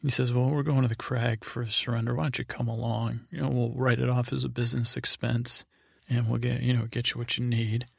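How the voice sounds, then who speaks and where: A man's voice: mid-range voice, little pitch movement, fairly quick, vocal fry, breathy edge. A middle-aged man meandering through a rambling sleep-aid recap as a podcast host, full of fillers and asides.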